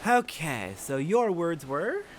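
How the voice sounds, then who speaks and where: A man's voice: fairly high pitch, sing-song, takes it slowly, a little hiss or hum. A man hosting a let's play, giving casual gameplay commentary with wry, joking asides. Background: faint game music.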